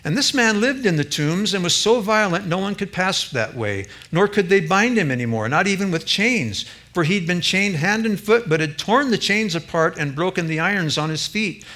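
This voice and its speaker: A male preacher delivers a sermon in a bright, slightly high voice. He speaks emphatically and turns often to the congregation with direct questions. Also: animated, normal speed, hardly any pauses. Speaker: pastor.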